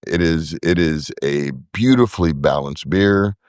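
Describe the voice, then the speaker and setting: A man with a very deep voice talks casually as a podcast guest. He often repeats a word or two while he hunts for a name. The sound is dry and close, with no room around it. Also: measured pace, clean tone, dry recording. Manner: relaxed, repeats words while searching for names. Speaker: podcast guest, brewery co-founder. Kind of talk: casual interview talk.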